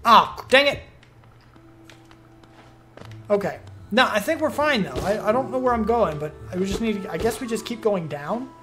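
A man's voice: high-pitched, expressive, normal speed, long pauses, bright, forceful tone. A man streams a game and keeps up loose, chatty commentary to his audience. He talks to himself and reacts to what happens on screen. Faint game music plays underneath him. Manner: chatty, self-talking, easily surprised. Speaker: gaming streamer. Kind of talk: let's play commentary.

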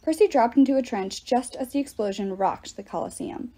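Breathy, mellow woman reading a novel aloud. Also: a little high, fairly quick. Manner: lively, expressive narration. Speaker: reader.

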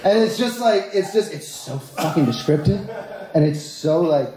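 A young male comedian working a stand-up set in an echoey club, his voice pitched a touch high and bouncing all over the place. He tells crude stories with big animation and keeps tossing asides at the audience. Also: animated, normal speed, crowd noise.

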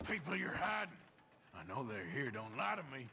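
A man's voice: mid-range voice, big pitch swings, normal speed, gravelly, pushed and bright, heavily acted. An actor playing a rugged male outlaw in a video game, speaking in a laconic drawl. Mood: threatening.

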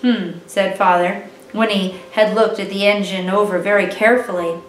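A woman reading a classic children's novel aloud in an expressive, animated way. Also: medium pitch, normal speed, slight background noise. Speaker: children's ministry reader. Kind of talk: storybook read-aloud for children. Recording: roomy, distant mic with faint music.

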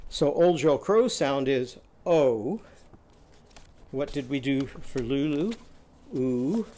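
A man teaching a phonics lesson, telling short stories and quizzing the class with loud, drawn-out vowel sounds. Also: medium pitch, a little hiss or hum. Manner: animated, loud drawn-out vowel shouts and quiz prompts.

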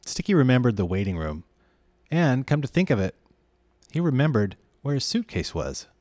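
A man narrating a children's novel aloud in an expressive, measured way. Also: mid-range voice, no echo. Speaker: reader. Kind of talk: storybook narration.

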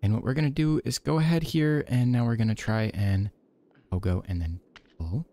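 A man streaming a game, giving soft-spoken ASMR commentary with gentle self-talk and the odd casual swear. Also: mid-range voice, moderate pace.

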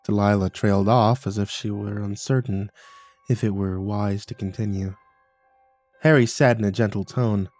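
A man reading a horror story aloud in a measured, ominous way. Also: on the low side, steady tone, a little mellow, faint music behind. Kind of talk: scripted horror narration.

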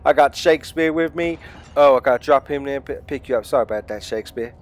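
Brief: male gaming host, loud and profane let's play commentary, mid-range voice, keeps addressing viewers. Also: mid-range voice, fast.

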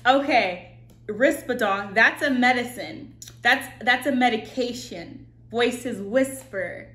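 A woman hosting a casual reaction video, excitable and thinking out loud. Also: a little high, slow, roomy sound. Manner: excitable, exclaims and thinks aloud.

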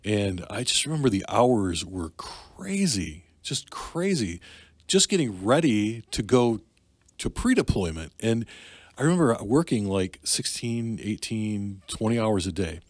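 A middle-aged man from Michigan telling a personal story in casual talk, candid and halting, with many fillers and restarts. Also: fairly low pitch, very animated, no echo. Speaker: podcast guest, Navy and Army veteran.

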